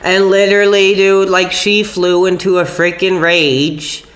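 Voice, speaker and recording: A man's voice: high voice, flat delivery, unhurried, fairly bright tone. A young man live-streaming from home, rambling casually and agitatedly, with frequent "dude" and minced swears. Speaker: livestreamer. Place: at home, upstairs room.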